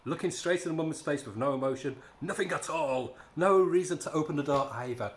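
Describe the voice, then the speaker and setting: A man's voice: a little high, a little fast. A man giving a casual spoken comic book review, ranting in a sarcastic, exasperated way. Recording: echoey room.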